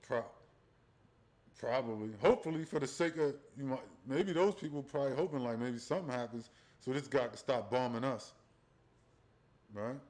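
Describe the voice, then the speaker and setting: Guy on a desk mic ranting about scripture on his stream, mid pitched, loose and rambly, keeps going "right?". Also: moderate pace, darkish tone. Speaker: livestream host. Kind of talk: profane religious commentary stream.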